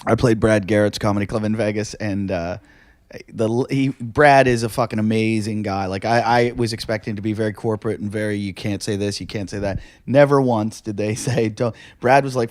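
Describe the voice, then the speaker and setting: A man's voice: fairly low pitch, fairly even intonation, fairly quick, dry recording, studio quality. A male comedian telling rambling stories on a podcast, swearing freely, laughing often and acting out the people he quotes. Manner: swears a lot, acts out quoted voices. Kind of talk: casual storytelling chat.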